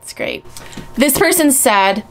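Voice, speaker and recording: A woman's voice: high voice, lively intonation, takes it slowly, fairly bright tone, slight background noise. A woman YouTuber reading and answering mean comments in a blunt, sarcastic, profane way. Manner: blunt, sarcastic, swears often. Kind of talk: casual vlog reading comments.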